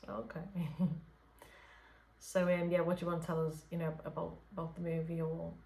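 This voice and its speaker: A woman's voice: deep voice, monotone, a little fast, creaky, echoey room. A woman speaking as a spirit medium in an unscripted late-night session, hesitant, with many fillers and restarts. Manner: talks softly at late night hours. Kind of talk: unscripted channelling session talk.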